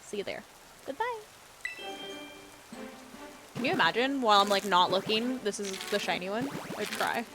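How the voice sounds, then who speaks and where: A woman's voice: mid-range voice, sing-song, moderate pace, long pauses, music in the background. A young woman in her twenties, chatting casually and sarcastically with her live-stream viewers while she plays, often giggling. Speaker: game streamer reading chat. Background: house beats playing under the voice.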